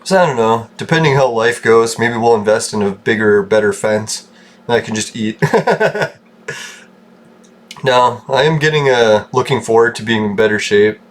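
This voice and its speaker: A man's voice: medium pitch, lively intonation, normal speed. A man from Canada giving rambling, casual commentary over gameplay, joking, swearing and laughing often. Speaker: gaming channel host.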